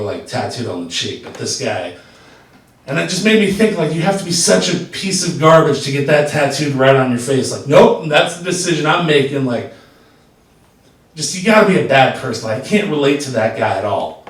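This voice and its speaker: A man performing a stand-up comedy set, telling rambling stories full of fillers. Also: medium pitch. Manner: rambling, filler-heavy storytelling. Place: comedy stage. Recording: roomy stage sound from far off.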